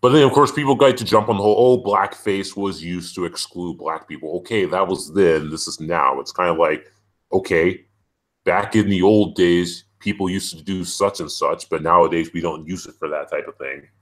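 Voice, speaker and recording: A man hosting a casual chat over a video call, talking in an animated, opinionated, ranting way. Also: low-pitched, a little fast. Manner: animated, ranting, frequent "it's like". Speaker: podcast host.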